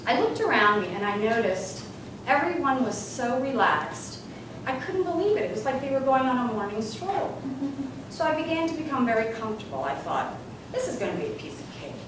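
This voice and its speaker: A woman tells a funny personal story to a live audience, her pitch swinging widely. She is captured at a distance in a big, echoey hall. Room ambience is clearly heard around her. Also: noisy background. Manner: animated, comic timing. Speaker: guest speaker. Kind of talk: humorous storytelling speech. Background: room ambience and audience laughter.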